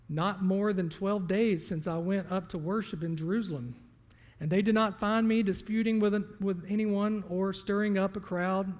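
A male pastor delivers a sermon, moving between scripture reading and casual explanation. His voice sits high for a man. A long reverb fills the large church sanctuary around him. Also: a little mellow. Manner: reads scripture, then explains it conversationally.

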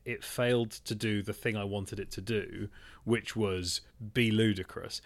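Animated man, dry close sound. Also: lowish voice, gravelly, no room sound. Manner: rambling, animated, swears and laughs often. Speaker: podcast co-host. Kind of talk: casual film chat.

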